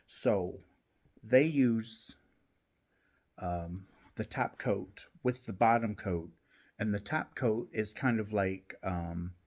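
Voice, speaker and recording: A man's voice: fairly low pitch, slightly rough. A man hosting a knitting channel, chatting casually from home while he knits, rambling with many restarts.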